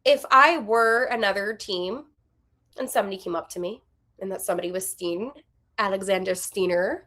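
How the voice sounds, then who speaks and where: A woman in her twenties hosting a hockey podcast, giving candid, animated opinions with quick asides. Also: mid-range voice. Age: 20s. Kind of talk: casual opinionated commentary.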